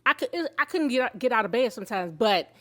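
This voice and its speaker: Woman in her 50s, kinda high voice, candid emotional faith talk, super heartfelt. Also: brisk. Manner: faith-filled and expressive. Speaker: show host sharing her own story. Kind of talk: personal testimony in conversation.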